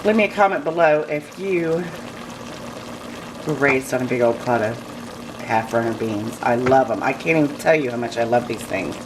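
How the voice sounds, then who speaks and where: Here a home cooking vlogger with a bass voice talks expressively at a normal pace, casually addressing the camera from her kitchen. Folksy and effusive about fresh food, she's backed by the clatter of dishes and pots.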